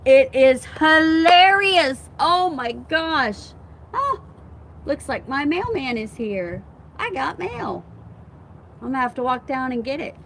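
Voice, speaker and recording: Speaking slowly in a high, sing-song voice with vocal fry and a fairly bright tone, a woman hosts a relaxed phone live stream from outdoors at home. Wind and chimes surround her, a slight hiss or hum is present, and she chats, laughs often, and reads and answers comments.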